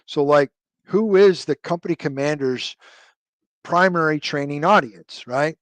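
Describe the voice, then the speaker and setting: A man's voice: on the high side, a little slow, no room sound. A man in his fifties, a retired army officer, telling a long military story as an interview guest with many fillers and self-corrections. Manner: rambling, many fillers and restarts, loose military jargon.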